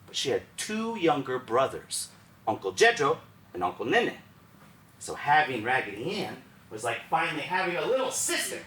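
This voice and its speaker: A man from Texas tells stories in a one-man stage show, animated and conversational. His pitch is fairly high and swings widely, and his tone is bright. The sound is roomy, with faint theater ambience behind him. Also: far from the mic, slight background noise. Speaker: solo stage performer.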